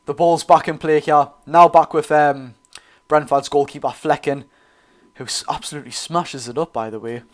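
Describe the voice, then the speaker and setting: A man's voice: fairly high pitch, steady tone, moderate pace. A young man with a Geordie accent hosting a live football watchalong, commentating casually, correcting himself and chatting to viewers. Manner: chatty, self-correcting, addresses viewers as lads. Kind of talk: live match commentary and chat.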